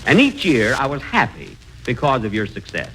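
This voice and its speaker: Bright-voiced radio comedy host, 1940s. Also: male voice, medium pitch, huge pitch swings, normal speed, low-quality recording. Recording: 1940s radio broadcast with faint hiss.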